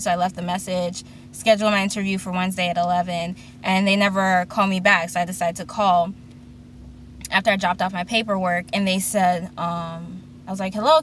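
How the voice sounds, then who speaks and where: A woman's voice: mid-range voice, fairly bright tone, a little hiss or hum. A woman in her twenties vlogging from a parked car, telling a long story and acting out the voices of the people in it. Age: 20s. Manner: chatty storytelling, acts out quoted voices. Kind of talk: casual chat.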